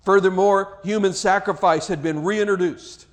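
A man's voice: high voice, steady tone, normal speed. Earnest male pastor preaching. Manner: stumbles and repeats words when speaking freely. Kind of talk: sermon with scripture reading and prayer.

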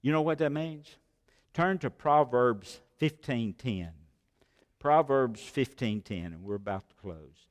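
A man preaching a sermon as pastor, swinging between loud exhortation and hushed asides with many rhetorical questions. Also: mid-range voice, takes it slowly. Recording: long hall reverb of a large sanctuary.

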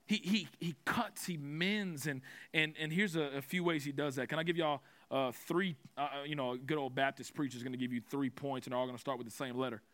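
A man's voice: medium pitch, steady tone, a little fast, hardly any pauses, a bit bright. A young man preaching a sermon, telling a personal story with self-mocking humor before turning to scripture.

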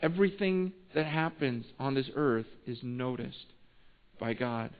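A man preaching a sermon in a conversational way, with restarts, swinging between hushed asides and emphatic lines. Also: medium pitch, expressive, unhurried. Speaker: pastor. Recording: tinny phone-like sound.

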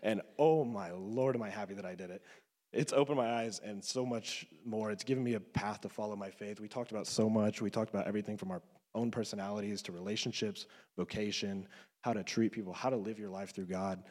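A man's voice: fairly low pitch, fairly even intonation, a little fast, darkish tone, long reverb tail. Earnest young man sharing a testimony. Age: 20s. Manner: earnest, emotional, loose with fillers like "you know". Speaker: student giving a faith testimony. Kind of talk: personal testimony talk.

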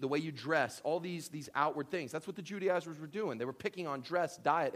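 A man preaching a sermon in a casual, conversational way, acting out the voices he quotes. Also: a little high. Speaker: pastor.

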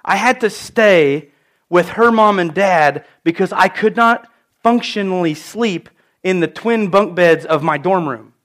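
High-voiced man preaching a sermon. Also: measured pace, a bit bright. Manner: storytelling, emphatic and personal.

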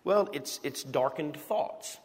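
A man's voice: fairly high pitch, lively intonation, slow pace. A man from the United States preaching a sermon, telling a story with animation and asking the congregation questions. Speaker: pastor. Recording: long hall reverb.

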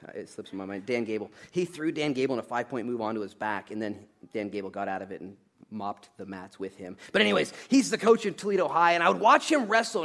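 A man preaching a sermon in a lively, conversational way, laughing now and then and building to emphatic, loud peaks. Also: high voice. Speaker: pastor.

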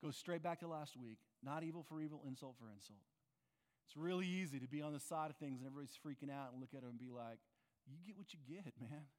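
Earnest pastor preaching in a reverberant hall. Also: male voice, mid-range voice, fast talker. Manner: earnest, conversational preaching with rhetorical questions. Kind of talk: sermon. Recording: long reverb of a large hall.

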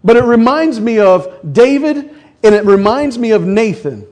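Man, pastor, sermon, high voice, middle-aged, conversational, joking. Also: lively intonation, moderate pace, darkish tone. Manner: conversational preaching with jokes and acted quotes.

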